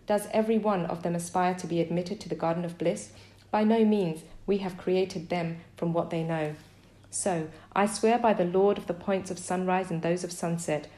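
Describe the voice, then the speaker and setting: A woman reading a scripture translation aloud in a measured, steady recitation. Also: on the low side, roomy sound. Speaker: scripture reader.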